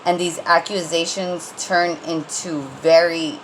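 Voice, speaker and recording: A woman's voice: fairly low pitch, level tone, slow pace, slight background noise, low-quality recording. A woman giving a casual tarot reading, rambling and conversational with many fillers and restarts, and blunt when she gets heated. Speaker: tarot reader.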